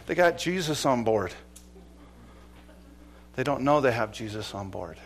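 A male pastor preaching a sermon with passion, swinging between loud exclamations and quiet, low drops. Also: animated, measured pace, pauses often.

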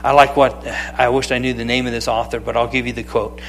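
A man preaching a sermon, lively and conversational, calling out to people in the room by name. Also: medium pitch, quick pace, faint music behind. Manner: animated, calls out to people by name. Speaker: pastor.

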